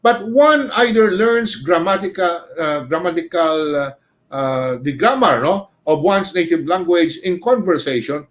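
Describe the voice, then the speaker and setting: Halting man with a fairly high voice. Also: a bit bright. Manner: hesitant, many "uh" fillers, frequent tag "no?". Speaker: writing teacher hosting a livestream. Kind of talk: unscripted livestream lecture.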